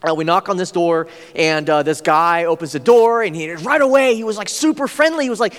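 A man's voice: high-pitched, fairly quick, few pauses, a bit bright, long reverb tail. A man preaching a sermon, telling a personal story in an earnest way with frequent fillers.

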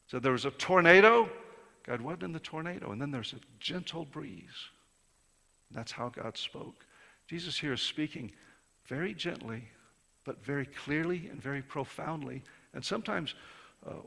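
A man preaching a sermon in a conversational way, rising to emphatic peaks and then dropping soft. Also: on the high side, vocal fry. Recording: reverberant hall.

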